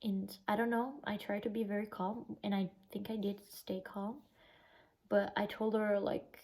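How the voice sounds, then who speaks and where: A woman's voice: mid-range voice, little pitch movement, measured pace, darkish tone, rough recording. A young woman from Italy with an Italian accent, telling a painful personal story in a casual vlog, full of "like" fillers. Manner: emotional, recounting a bad experience, lots of "like" fillers. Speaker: vlogger.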